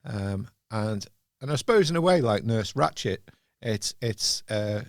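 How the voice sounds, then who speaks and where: A man's voice: on the low side, expressive, unhurried, no echo, clean studio sound. A man hosting a casual film podcast, talking in a reflective way and often searching for words. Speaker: podcast host.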